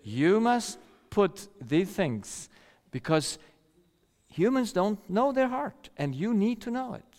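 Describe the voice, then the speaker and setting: A man's voice: high-pitched, very animated, takes it slowly, a little mellow. A middle-aged man preaching a sermon, telling a personal story and sometimes acting out the voices of the people in it. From rural countryside. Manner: storytelling, acts out quoted voices, laughs often. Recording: long hall reverb.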